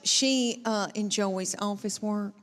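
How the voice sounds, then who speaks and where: Taking it slowly in a mid-range voice, a middle-aged comedian tells stories on stage in a chatty drawl and acts out quotes. Her live show has a loud, laughing audience and a little hiss or hum in the recording.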